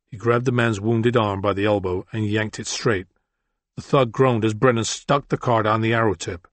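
A man with a fairly low-pitched voice narrates a novel as an audiobook, keeping to a measured, even storytelling pace. It's scripted narration, recorded without echo.

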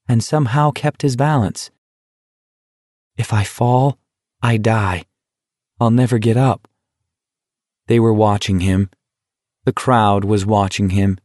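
A male audiobook narrator reading in a steady, measured storytelling voice. He takes his time over every line at an unhurried pace, with a mid-range pitch. The recording is dry and close, with no room sound. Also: no echo. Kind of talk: scripted narration.

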